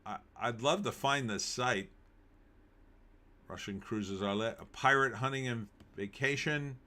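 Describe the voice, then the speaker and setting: A man's voice: medium pitch, unhurried, sharp tone. A man hosting a live stream, reading news aloud and cracking wry, jokey asides with frequent laughs.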